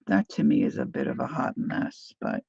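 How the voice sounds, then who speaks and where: A woman's voice: a bass voice, very animated, moderate pace, vocal fry, a little mellow, breathy edge, no room sound, lo-fi sound. A woman hosting a casual live crafting demo, chatting as she thinks aloud and answers viewer comments. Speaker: craft livestream host.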